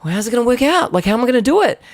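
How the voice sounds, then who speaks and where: A man's voice: extremely high pitch, big pitch swings, very fast, no room sound. A man live-streaming from his studio, telling a story casually and animatedly, with many restarts and the odd swear. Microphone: live-stream microphone.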